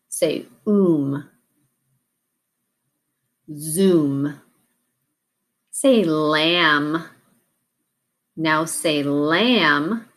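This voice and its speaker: A woman teacher leading a recorded classroom warm-up drill, slow and deliberate, pausing between prompts. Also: sits low.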